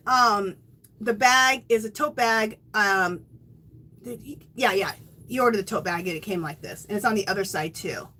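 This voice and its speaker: A bubbly middle-aged woman chats through a home craft livestream, her high voice leaping up and down as she laughs and thanks viewers by name. She talks casually into a phone or computer mic. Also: fairly bright tone. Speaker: livestream host of a knitting and crochet show.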